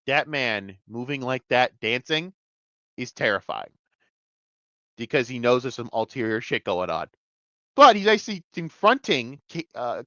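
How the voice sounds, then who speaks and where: Excitable, profane man ranting a review. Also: mid-range voice, no echo, lo-fi sound. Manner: excitable, profane, jumps between shouting and muttering. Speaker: TV show reviewer. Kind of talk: casual video review rant.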